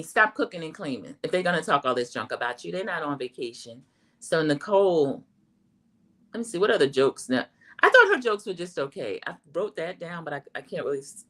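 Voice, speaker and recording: A middle-aged woman giving a chatty, animated recap of a reality show, talking straight to her viewers. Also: lowish voice. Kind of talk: casual recap commentary.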